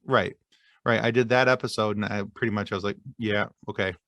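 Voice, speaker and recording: A man's voice: fairly low pitch, steady tone, fairly quick, a bit bright, no room sound. A man guest on a podcast, talking casually in a rambling, self-deprecating way. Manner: rambling, many fillers and restarts, self-deprecating. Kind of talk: casual interview chat.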